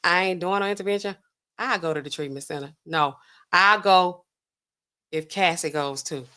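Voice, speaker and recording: A woman's voice: on the low side, normal speed, sharp tone, voice pushed down. A woman voicing a stubborn grown man who defiantly brushes off a family intervention. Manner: defiant, dismissive.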